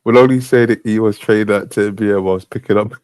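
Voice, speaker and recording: A man's voice: on the low side, fairly even intonation, fairly quick, darkish tone, clear, resonant tone, no echo. A young man hosting a show, commenting on clips with frequent laughter and mockery. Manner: laughing, mocking. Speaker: host.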